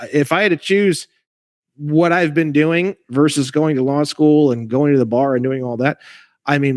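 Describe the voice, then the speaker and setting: A man's voice: fairly high pitch, no echo. Emphatic, profane man with a dry sound. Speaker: guest legal researcher. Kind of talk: casual conversation on a call.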